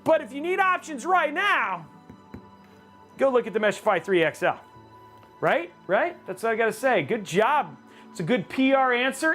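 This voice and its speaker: A man hosting a live stream while building a gaming PC, chatting casually with viewers and breaking into loud mock-rage outbursts. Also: sits high. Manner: excitable, reads chat aloud, loud outbursts of mock rage. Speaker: livestream host building a gaming PC.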